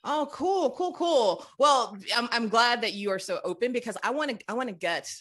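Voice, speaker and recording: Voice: medium pitch, expressive, moderate pace, fairly bright tone. A podcast host interviewing a guest in a playful, casual way, laughing often.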